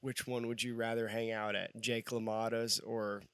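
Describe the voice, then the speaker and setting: A man's voice: lowish voice, flat delivery, moderate pace, fairly bright tone, clean tone, dry recording. A man co-hosting a casual film podcast, mostly giving short, easygoing replies and questions. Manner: laid-back, brief agreeing replies. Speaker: podcast co-host.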